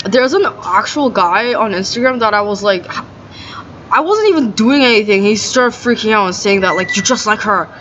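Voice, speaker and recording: A woman's voice: mid-range voice, lively intonation, moderate pace, a bit bright. Young woman vlogger, rambling and exasperated, ranting outdoors on a slightly muffled mic with a faint outdoor hum. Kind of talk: ranting casual monologue. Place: outdoors on grass. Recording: slightly dull sound, faint outdoor ambience.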